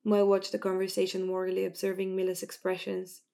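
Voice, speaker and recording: A woman narrating an audiobook in a steady, even storytelling manner. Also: mid-range voice, brisk, creaky.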